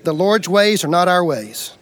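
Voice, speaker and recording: A middle-aged man preaching to a congregation, telling a personal story with folksy humor, swinging between loud bursts and quiet intensity. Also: high-pitched, lively intonation, unhurried. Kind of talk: storytelling sermon.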